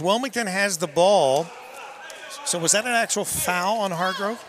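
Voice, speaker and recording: A man co-commentating a local high school basketball game, chiming in with short reactions and questions about the calls. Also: normal speed, fairly bright tone, slight background noise. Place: school gym. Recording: gym with crowd behind.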